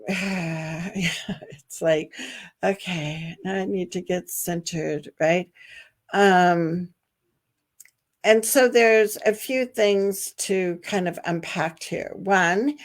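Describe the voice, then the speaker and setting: Chatty woman advocate, lower voice. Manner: chatty and practical, frequent fillers and laughs. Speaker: special education advocate and host. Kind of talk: live-streamed advice show, answering viewer comments.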